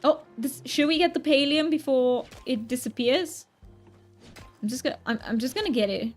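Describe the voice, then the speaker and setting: A woman hamming up a deliberately clumsy mock British accent, bright and chirpy as she greets chat over a game. The voice sits a little high, laughing at its own attempt, with faint game music underneath. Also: full character voice. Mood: playful. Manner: giggly, self-mocking, chatty. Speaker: streamer. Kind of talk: casual live-stream chat.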